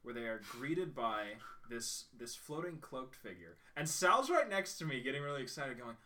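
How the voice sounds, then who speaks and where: A man co-hosting a podcast, excitedly retelling movie scenes with lots of swearing and restarts. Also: medium pitch, moderate pace, slight background noise. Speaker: podcast co-host. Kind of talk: casual movie reaction chat. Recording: voice a bit far from the mic.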